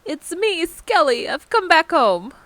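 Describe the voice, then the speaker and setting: A woman's voice: very high-pitched, very animated, measured pace, a bit bright, no echo, voice pushed up, full character voice. A woman voicing an earnest young skeleton man returning home, reading his lines with feeling. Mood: tender.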